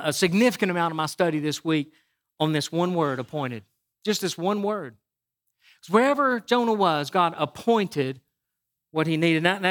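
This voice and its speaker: This man's voice sits high with a fairly bright tone as he leads a sermon as pastor. His delivery is casual and loose, full of restarts and repeated words, and he regularly turns to the congregation with "right?"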